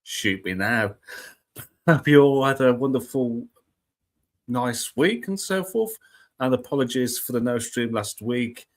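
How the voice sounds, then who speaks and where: A man's voice: medium pitch, animated, unhurried, pauses often. Chatty man hosting a weather stream. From United Kingdom. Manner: chatty, self-mocking, greets viewers one by one. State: just over a cold. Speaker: host of a weather live stream. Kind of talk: casual live-stream chat. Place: home room with cats and laptop. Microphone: laptop live stream.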